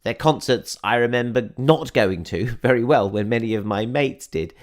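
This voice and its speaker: A man's voice: medium pitch, normal speed. A man hosting a film podcast, giving a chatty, enthusiastic and wry review. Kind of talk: scripted film review and interview intro.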